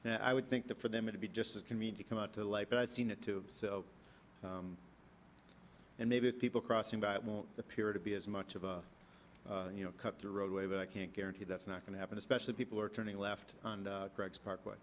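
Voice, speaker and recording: Fast-talking flat-voiced business man. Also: on the low side, slight background noise. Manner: reassuring, many fillers. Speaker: business representative. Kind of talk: presenting at public meeting.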